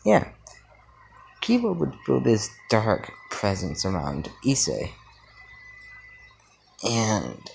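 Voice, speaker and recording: A tired man with a very deep voice improvises a fan story, rambling through ums and restarts. He records outdoors at night, with crickets and insects chirping loudly behind him. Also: wildly swooping pitch, drawn-out words, vocal fry, pauses often, a little hiss or hum, poor audio. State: tired, yawning. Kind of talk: improvised fan-fiction narration.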